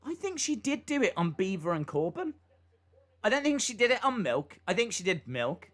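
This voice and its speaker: A man hosts a live reaction stream and talks in a casual, rambling way. His voice sits a little high and swings widely in pitch. He drifts between asides and quick calls of the action. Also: very animated, a bit bright. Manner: rambling, chatty, with lots of fillers and asides.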